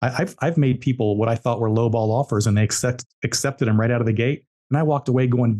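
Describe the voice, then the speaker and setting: A man's voice: medium pitch, quick pace, hardly any pauses, mellow. A man, an entrepreneur guest on a podcast, telling business stories bluntly and emphatically, repeating key words. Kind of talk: podcast interview storytelling.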